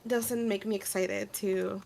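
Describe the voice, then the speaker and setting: Brief: playful woman co-streamer, fry in the voice, faint hiss behind. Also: medium pitch, fairly even intonation, slow, darkish tone. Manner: teasing, playful. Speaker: collab partner. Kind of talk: casual live-stream chat.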